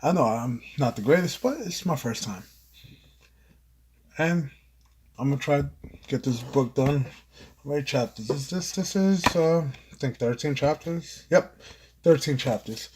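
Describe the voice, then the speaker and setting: A man reading his own book aloud as an amateur audiobook, with expressive, earnest delivery. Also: medium pitch, unhurried, pauses often, slight background noise. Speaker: author and narrator.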